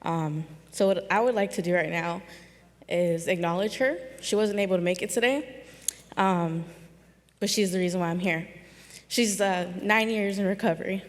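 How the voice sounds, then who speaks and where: A woman of twenty-one from California, telling a personal story on stage, emotional and close to tears, pausing often with ums. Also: lowish voice, big-room sound. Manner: slow, halting, with many pauses and ums.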